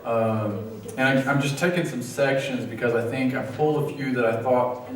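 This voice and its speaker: A man leading a church study group, talking in a halting way with many fillers, and at times emotional. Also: medium pitch, a crowd in the background. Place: church hall. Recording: echoey room, far from mic.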